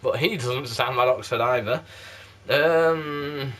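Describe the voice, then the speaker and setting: Speaking slowly at medium pitch with a slightly bright tone, a South Yorkshire man chats casually to camera for his YouTube candle reviews. He rambles and mocks himself in a mixed South Yorkshire accent, and the sound comes from a PlayStation camera mic.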